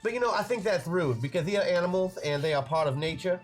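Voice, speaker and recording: Playful male player, high voice, joking self-mockery. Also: fast talker, faint music behind. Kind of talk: casual tabletop play.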